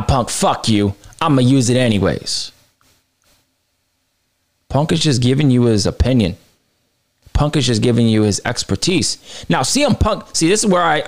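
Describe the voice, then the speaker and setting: A man hosting a wrestling podcast, delivering a heated, profane opinion rant that swings between low mutters and high outbursts. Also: very animated, fast. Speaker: podcast host.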